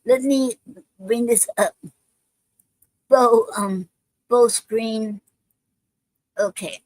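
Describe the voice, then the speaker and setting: Lady on a livestream, slow and halting, lots of ums, dry close sound. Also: on the high side, darkish tone, dry recording, low-quality recording. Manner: hesitant, many ums and restarts. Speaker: live stream host. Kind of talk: casual live stream chat.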